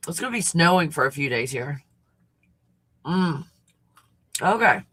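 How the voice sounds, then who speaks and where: A woman's voice: low voice, animated, measured pace, a bit bright, husky. A woman hosting a casual livestream chat, snacking, reacting to viewer comments and swearing freely. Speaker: host.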